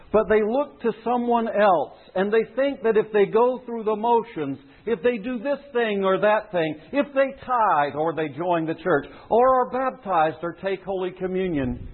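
Husky-voiced preacher on a thin line. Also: male voice, a little high. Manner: earnest, emphatic. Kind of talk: sermon. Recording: tinny phone-like sound.

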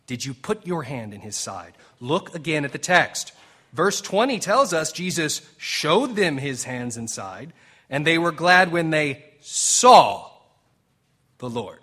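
A man preaching a sermon as pastor, animated and emphatic, slipping into dramatic quoted lines with pauses and now and then drifting off the mic. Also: fairly high pitch, husky. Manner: jokes with the congregation.

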